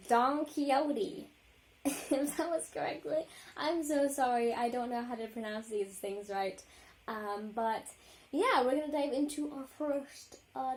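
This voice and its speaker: A woman vlogger reacts to music in a casual, rambling chat packed with ums, likes, and quick apologies. Her voice sits high, with a little hiss or hum.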